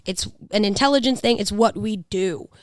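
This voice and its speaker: A woman's voice: mid-range voice, normal speed, no echo, studio quality. A woman in her thirties with a New York accent, talking and laughing in a casual podcast chat. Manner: chatty, laughing, swearing, restarts often. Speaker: podcast co-host.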